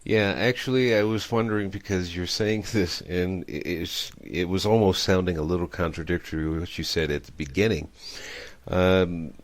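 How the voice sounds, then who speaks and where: A man's voice: low voice, steady tone, moderate pace. A middle-aged man hosting a radio interview, rambling and reflective, telling stories with many fillers. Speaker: radio show host.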